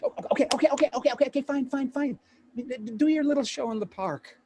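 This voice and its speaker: An actor playing a pushy, fast-talking male Hollywood agent in a live play reading over a video call, with rapid, stammering sales patter. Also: extremely high pitch, warm tone, slight background noise. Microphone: home computer mic on a video call.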